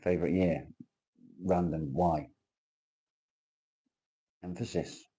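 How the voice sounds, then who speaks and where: A man speaks in a deep, husky, mellow voice as he hosts a casual live chat. He reads comments aloud and answers with crude, teasing banter. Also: steady tone, slow pace. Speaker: livestream host.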